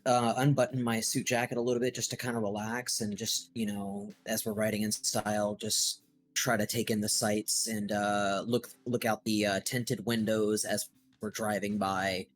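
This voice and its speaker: A man playing a tabletop game, talking in a relaxed way with many fillers. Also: on the low side, moderate pace, faint music behind. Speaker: player. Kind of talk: tabletop role-play.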